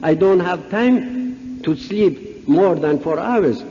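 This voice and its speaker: A man's voice: high-pitched, lively intonation, slow pace, dark tone. A man from Iran with a Persian accent, a native Persian speaker, giving a humorous talk at a conference and acting out the dialogue in his stories. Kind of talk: anecdotal religious talk. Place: large conference hall. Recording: dull echoey hall recording, faint hiss.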